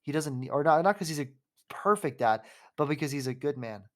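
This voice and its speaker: A man in his twenties, hosting a casual podcast conversation. He rambles openly and warmly through a personal story, circling back and restarting his sentences as he goes. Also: fairly high pitch, animated, brisk. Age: 20s. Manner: rambling and heartfelt, with frequent fillers and restarts. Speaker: podcast host.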